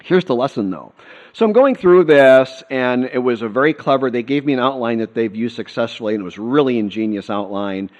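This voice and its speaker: A man's voice: mid-range voice, a little fast. An American man hosting a casual storytelling monologue, talking in an earnest, heartfelt and rambling way. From United States. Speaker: host.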